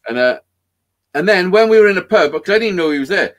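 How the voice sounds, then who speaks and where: A man's voice: sits high, fast talker. A man telling a rambling, sweary story in casual chat. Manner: rambling, heavy swearing, animated. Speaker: podcast guest storyteller.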